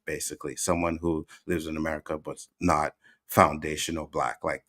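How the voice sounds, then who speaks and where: Man, deep low voice, Canadian accent with Jamaican slang, stream host, emphatic, repeats himself, argues with chat. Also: a bit bright. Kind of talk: livestream commentary reacting to chat.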